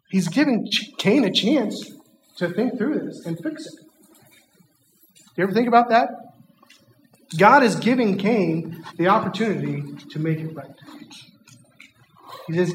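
A man preaching a children's sermon in a church hall, animated and asking the kids questions. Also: high voice, measured pace, long pauses, slight background noise.

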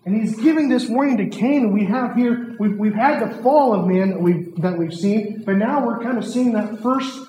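A man preaching a children's sermon in a church hall, animated and asking the kids questions. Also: high voice, normal speed, hardly any pauses, slight background noise.

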